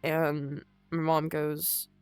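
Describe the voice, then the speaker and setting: A young woman telling her own story in an unscripted vlog, halting and emotional, with frequent swearing. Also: low voice, level tone, a little mellow, clear, resonant tone, dry recording, faint music behind. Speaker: vlogger.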